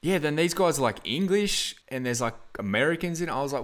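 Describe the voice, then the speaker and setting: A man's voice: fairly high pitch, animated, fast. A man hosting a casual film review podcast, rambling with lots of fillers and frequent laughs. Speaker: podcast host.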